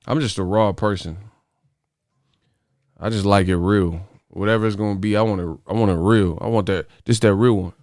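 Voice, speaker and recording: A man hosts a boxing live stream, profane and joking. His voice is smooth and clear on a close, dry mic. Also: fairly low pitch, normal speed, no echo. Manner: profane, laughing, animated rants. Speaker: boxing channel host. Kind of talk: casual live-stream chat.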